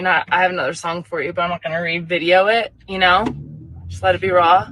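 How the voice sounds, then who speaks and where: A woman's voice: on the low side, fairly even intonation, a little fast, fairly bright tone, no echo, low-quality recording. A woman recording a casual video birthday greeting, upbeat and joking, correcting herself on the fly. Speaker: guest sending a video birthday message.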